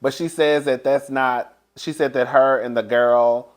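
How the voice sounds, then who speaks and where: A man reviewing a show chats casually, dishing gossip, calling listeners "girl," and often bursting into laughter in this gossipy recap. His mid-range voice has fairly even intonation and a measured pace.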